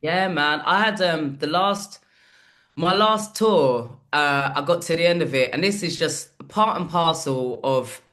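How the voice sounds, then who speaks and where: Sweary, animated woman. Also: low-pitched, unhurried. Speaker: comedian guest. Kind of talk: casual podcast chat.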